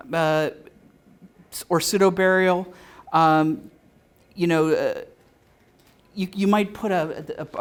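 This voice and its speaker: A man giving a live lecture at a convention, halting often with filler sounds and restarts, and dropping dry, joking asides. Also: a little high. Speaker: convention speaker.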